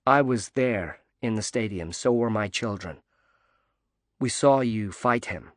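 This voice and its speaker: A man voicing a cheery young American woman athlete with an American accent, gracious and gently emphatic, in an audiobook reading. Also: lowish voice, a little slow, no room sound, clean studio sound, close to an everyday voice.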